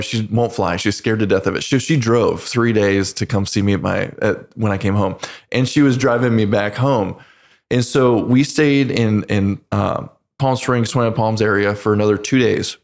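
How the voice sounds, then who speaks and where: A man in his forties, a veteran guest on a podcast, telling his story in earnest, halting speech with many restarts. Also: lowish voice. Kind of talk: casual storytelling interview.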